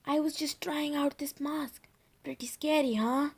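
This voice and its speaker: A woman reading the lines of a shaken boy whose voice has turned into an old man's dry croak. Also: high voice, fairly even intonation, measured pace, pitched above the performer's own voice. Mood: pleading, shaken. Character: boy trapped in croaking old-man mask. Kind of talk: audiobook character reading.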